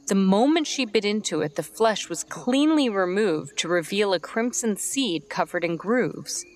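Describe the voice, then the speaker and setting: A woman storyteller reading a romance story as scripted narration, in a steady, even way. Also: mid-range voice, unhurried.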